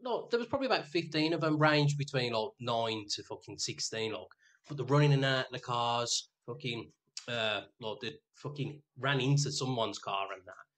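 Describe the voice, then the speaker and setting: Bright-voiced man chatting. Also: mid-range voice, normal speed. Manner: laid-back, sweary, lots of fillers. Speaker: podcast co-host. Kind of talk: casual chat.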